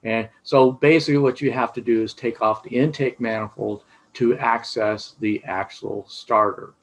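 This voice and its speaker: Middle-aged male shop teacher, mid-pitched, loose and rambling with lots of fillers. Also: steady tone, moderate pace, rough recording. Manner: rambling, many fillers and restarts. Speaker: automotive instructor. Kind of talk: casual teaching talk.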